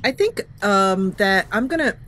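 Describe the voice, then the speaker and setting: A woman's voice: medium pitch, expressive, a little slow, fairly bright tone. A woman hosting a let's-play, chatting casually as she thinks aloud, with frequent hesitant fillers and small chuckles. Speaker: gaming channel host.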